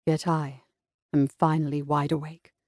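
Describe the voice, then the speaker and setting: For a romance audiobook, a woman narrator lightly acts an ardent young Regency lord, dropping far below a typical woman's range. He sounds deep-set, husky, tender, and slightly mellow, with a steady tone at normal speed, spoken close in a dry recording.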